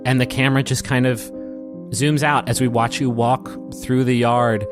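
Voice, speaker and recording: A man narrating as game master of a tabletop game, telling the scene gently and unhurried, over soft piano and guitar music. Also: medium pitch, little pitch movement.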